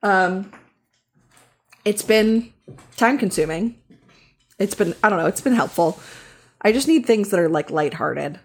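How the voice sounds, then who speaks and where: A woman's voice: mid-range voice, animated, unhurried, pauses often, slightly rough. A woman co-hosting a book podcast in casual chat, chatty and frank, with lots of fillers. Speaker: podcast co-host.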